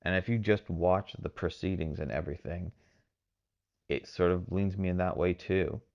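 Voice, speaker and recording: A man with a very low voice and a gravelly, fry-heavy edge talks through a solo podcast in a rambling, casual way. He is from Texas and hedges constantly with fillers. The recording sounds a little muffled and dull. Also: normal speed, darkish tone. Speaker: podcast host.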